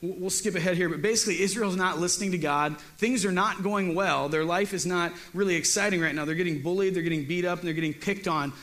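A man's voice: high voice, quick pace, few pauses, fairly bright tone. A man teaching a casual Bible lesson as a youth pastor. He is chatty and joking and often repeats his words.

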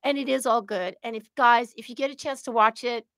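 A middle-aged woman co-hosting a casual chat, telling an emotional story in an animated way. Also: a little high, a little fast, no room sound, clean studio sound. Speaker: podcast co-host.

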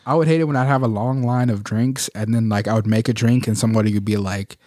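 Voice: medium pitch, fairly even intonation, quick pace, darkish tone, dry recording, clean studio sound. A barista in casual chat, telling stories with frequent laughter. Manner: laughing storyteller, acts out coworkers.

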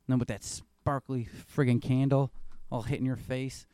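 A man's voice: mid-range voice, flat delivery, normal speed, mellow, smooth, dry recording. Dry, rambling casual man. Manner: loose, rambling storytelling with swearing. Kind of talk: casual chat.

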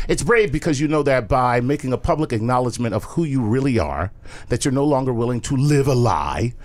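Male podcast host, animated delivery with a wide pitch range, jokey but sincere. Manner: animated, laughs often, turns earnest. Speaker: podcast host reading a listener letter. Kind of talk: casual comedy podcast chat.

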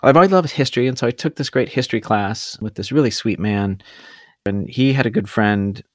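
A man telling the story of his career in a relaxed interview, rambling and self-deprecating, with hesitant restarts. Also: on the low side, brisk, dry recording, clean studio sound. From California. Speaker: guest food photographer.

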